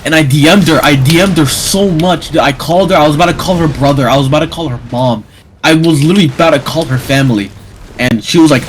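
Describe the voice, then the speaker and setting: A man's voice: a little high, expressive, quick pace, a little hiss or hum. A young man telling an emotional story in casual chat, rambling with many restarts and stammers.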